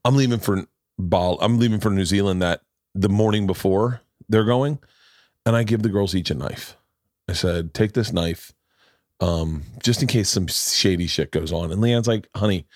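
A middle-aged man hosting a podcast, telling a story in a loud, profane, animated way and acting out the voices in it. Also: fairly low pitch, normal speed, dry recording, clean studio sound. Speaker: podcast host. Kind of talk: casual storytelling chat.

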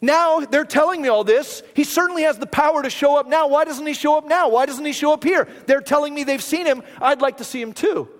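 A man's voice: very high voice, fairly quick, few pauses, voice pushed up. A man voicing a male disciple who feels left out and answers with bitter sarcasm. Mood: sarcastic. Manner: sarcastic, aggrieved. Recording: long hall reverb.

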